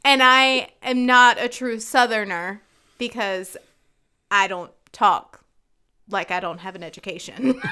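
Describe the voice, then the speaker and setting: A woman in her thirties from North Carolina, co-hosting a chat podcast and ranting in an animated, laughing way. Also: medium pitch, slow, long pauses, clean tone. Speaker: podcast co-host. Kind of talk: casual chat.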